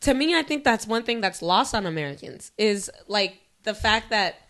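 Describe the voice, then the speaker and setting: A woman's voice: mid-range voice, lively intonation, moderate pace, fairly bright tone. A woman co-hosting a podcast in casual chat, making blunt, jokey remarks. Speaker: podcast co-host.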